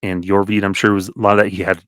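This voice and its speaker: A man's voice: low voice, flat delivery, rapid-fire, fairly bright tone, smooth, dry recording, clean studio sound. Chuckling man reeling off stats. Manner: reels off stats, chuckles often. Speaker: podcast co-host. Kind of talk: casual sports chat.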